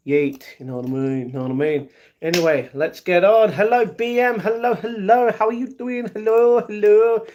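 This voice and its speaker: A young man with a British accent and a notably high speaking voice for a man, hosting a casual live stream. He chats loosely with his viewers, greets them one by one, and slips into playful improvised rhymes. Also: normal speed, a little mellow, a little hiss or hum. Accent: British English. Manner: chatty, greets chat viewers by name; playful, breaks into improvised rap.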